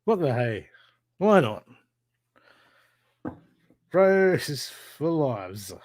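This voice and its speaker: A man's voice: on the high side, sing-song, drawn-out words, darkish tone, no room sound. Man giving encouraging live card readings. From Australia. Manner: casual, encouraging, repetitive pep talk. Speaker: tarot card reader.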